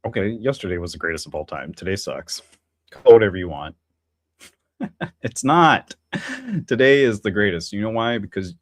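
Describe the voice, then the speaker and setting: A man with a lowish voice, recorded dry, hosts a casual livestream on his own. He rambles and muses philosophically, full of fillers and restarts, and keeps tossing chatty asides to his viewers.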